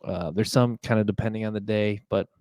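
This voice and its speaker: Low flat-voiced young man rambling. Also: fairly quick, no room sound, lo-fi sound. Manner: rambling, full of fillers and restarts. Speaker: podcast host. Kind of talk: casual monologue.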